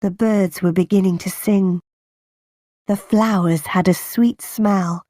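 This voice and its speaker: Slow, deliberate woman audiobook reader. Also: mid-range voice, fairly even intonation, mellow, dry recording, studio quality. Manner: slow, plain and deliberate reading. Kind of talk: simplified audiobook narration.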